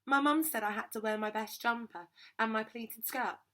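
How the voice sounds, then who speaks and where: A woman puts on an anxious little schoolgirl who gabbles and pleads, pitched higher than her own voice. The girl sounds eager and earnest in a read-aloud storybook. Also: normal speed, bright, forceful tone. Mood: pleading.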